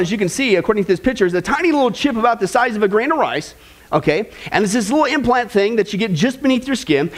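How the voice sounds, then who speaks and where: A man's voice: extremely high pitch, fairly bright tone. A man preaching a sermon with passion, scolding and acting out quoted voices. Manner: impassioned, scolding, acts out quotes.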